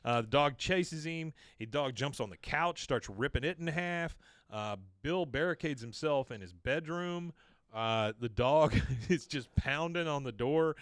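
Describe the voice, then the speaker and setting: A man co-hosting a podcast, casually recapping a cartoon episode and jumping into quick put-on voices for the characters' lines. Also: fairly high pitch, expressive, no room sound, studio quality.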